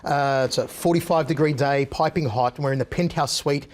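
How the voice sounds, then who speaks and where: A man, a guest on an interview show, telling animated anecdotes in a punchy, casual way. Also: a little high, a little fast.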